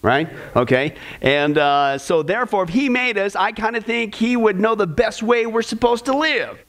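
A man's voice: high-pitched, expressive, moderate pace, fairly bright tone. A man teaching a discipleship class in a casual, folksy way, with sarcastic humor and chuckling asides.

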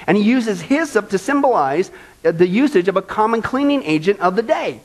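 A man preaching a sermon as pastor, conversational and animated, often checking in with "okay?". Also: high voice, brisk, poor audio.

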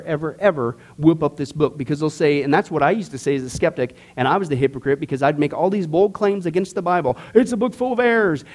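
A man's voice: on the high side, a little mellow. A man teaching a Bible study class in a casual, emphatic way, cracking jokes and asking the group questions.

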